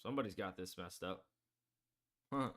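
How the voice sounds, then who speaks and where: This is a man hosting a live sports betting stream, his voice low, fairly bright, and at a normal speed. He rambles casually with plenty of filler words while reading out odds and pushing promo codes.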